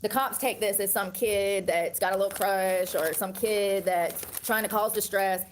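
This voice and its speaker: A woman's voice: mid-range voice, steady tone, moderate pace, slight background noise. A woman in her thirties ranting to camera in a heated, profane, repetitive way. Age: 30s. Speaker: online personality.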